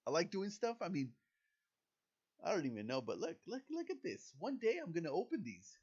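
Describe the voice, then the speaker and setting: Chatty self-mocking man, lively voice. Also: on the high side, brisk, husky, muffled recording. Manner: chatty, self-deprecating, excitable. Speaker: gaming YouTuber. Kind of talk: casual gameplay commentary.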